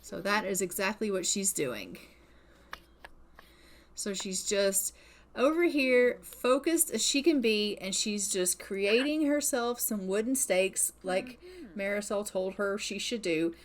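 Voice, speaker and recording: A woman's voice: medium pitch, expressive, slow, slight background noise. A woman narrating a life-simulation game playthrough in a casual, chatty way, full of "like" and "oh my God". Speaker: gameplay narrator. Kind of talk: casual let's-play narration.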